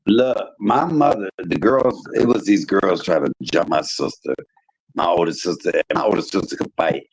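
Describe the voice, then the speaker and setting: A man hosting a livestream, telling stories in casual chat with an animated manner that leaps up in pitch when he quotes people. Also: normal speed, vocal fry, a little hiss or hum, low-quality recording. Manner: animated storyteller, jumps high in pitch for quoted voices. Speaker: livestream host.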